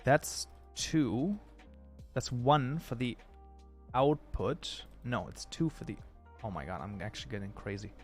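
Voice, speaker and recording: A man streaming live, reading chat aloud and chatting casually while he works, thinking out loud and restarting his sentences. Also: medium pitch, expressive, measured pace, faint music behind. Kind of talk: casual livestream chat while modding a game.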